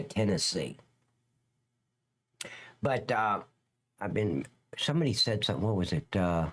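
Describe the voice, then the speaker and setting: A man's voice: a little high, a bit bright. A middle-aged man hosting a live stream, reacting to police videos and joking with his chat in a rambling, teasing way.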